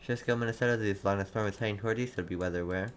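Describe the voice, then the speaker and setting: A man's voice: lowish voice, slight background noise. Casual young male storm streamer. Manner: casual, halting, thanks viewers often. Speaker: livestream weather host. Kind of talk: live storm coverage reading viewer towns.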